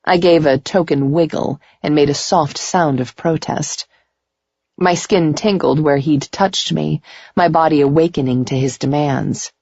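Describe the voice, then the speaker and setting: Woman narrator, slow intimate reading, gravelly, dull lo-fi recording. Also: low voice, steady tone, mellow, dry recording. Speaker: audiobook narrator. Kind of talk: first-person romance narration.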